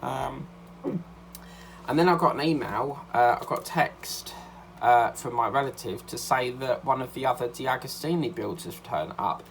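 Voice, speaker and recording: A man talks casually to his viewers, rambling with lots of ums and restarts. He sounds a little out of breath, at an average pitch, with faint background noise. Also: moderate pace, gravelly. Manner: rambling, many fillers and restarts. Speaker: craft vlogger. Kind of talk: casual chat.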